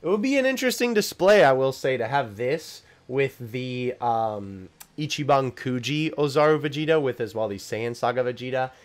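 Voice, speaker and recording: A young man casually talking through news items at his desk mic, his voice swinging up and down as he reacts. He breaks into short laughs and sudden excited yelps, then drops back into easygoing chat. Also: mid-range voice, moderate pace, hardly any pauses. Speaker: YouTube host covering figure news. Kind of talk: casual commentary while reading news.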